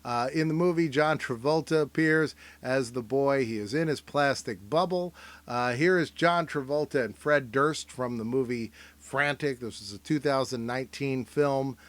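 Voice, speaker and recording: A man's voice: mid-range voice, normal speed, no echo. A man hosting a casual, joking commentary show, rambling and sometimes trailing off into mumbles. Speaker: host.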